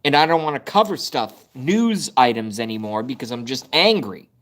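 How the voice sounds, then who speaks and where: A man's voice: medium pitch, lively intonation, moderate pace, a bit bright. A man hosting a casual live stream from his phone, ranting in frustration and swearing about his device. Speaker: livestream host. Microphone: phone camera at arm's length.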